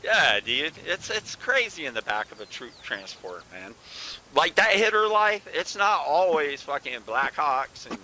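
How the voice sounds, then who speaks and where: A laid-back man hosting a gaming chat, swearing at every turn and calling everyone bro. His voice is strikingly bright and sharp. There is a faint hiss of noise under it. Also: on the high side, big pitch swings, a little slow, poor audio. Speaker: channel host, former soldier.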